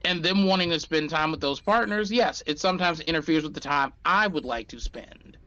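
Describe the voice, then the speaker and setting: A man's voice: fairly high pitch, fairly quick, sharp tone. A man speaking as a guest in a casual conversation, frank and explanatory, swearing freely. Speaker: podcast guest. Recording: dull lo-fi sound.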